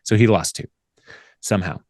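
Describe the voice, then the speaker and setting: A man's voice: fairly low pitch, normal speed, no room sound. Chatty man recapping, dry mic. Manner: rambling, laughs often, acts out characters' lines. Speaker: podcast host. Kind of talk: casual recap chat.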